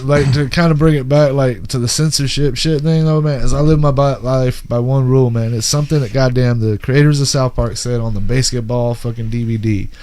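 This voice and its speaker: A man's voice: mid-range voice, fairly even intonation, brisk, hardly any pauses, darkish tone. Rambling, swearing man comedian. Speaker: comedian guest. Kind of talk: casual comedy chat.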